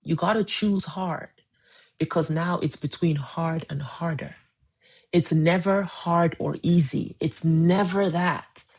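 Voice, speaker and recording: A woman's voice: lowish voice, takes it slowly, darkish tone, slightly rough. A woman in her forties coaching on a casual livestream, emphatic and repeating key phrases. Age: 40s. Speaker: weight-loss coach. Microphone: phone livestream.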